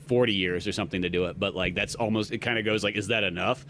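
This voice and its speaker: A man's voice: lowish voice, fast talker, slight background noise. A man co-hosting a podcast, chatting casually about comics with a joking, profane manner. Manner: joking, profane, animated storyteller. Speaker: podcast co-host. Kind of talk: casual film review chat.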